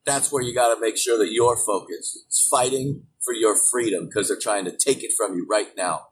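A man hosting his own show, delivering an angry, profane political rant with frequent swearing and sudden shouted bursts. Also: fairly low pitch, moderate pace. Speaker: show host. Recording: distant mic with faint background noise.

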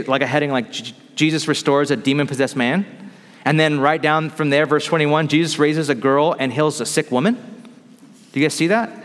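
Animated male preacher in a reverberant hall. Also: a little high. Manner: animated storytelling, acts out dialogue. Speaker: pastor. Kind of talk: sermon.

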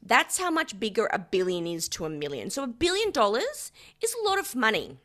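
Woman podcast host, playful and self-mocking, bright, animated delivery. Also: fairly high pitch, fairly quick. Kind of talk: casual chat, explaining a story.

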